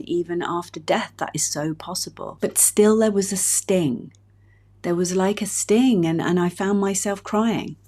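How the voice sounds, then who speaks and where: A woman in her fifties, a relationship coach hosting her own podcast, speaking in a gentle, heartfelt, personal way. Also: fairly low pitch. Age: 50s. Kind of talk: reflective solo podcast talk.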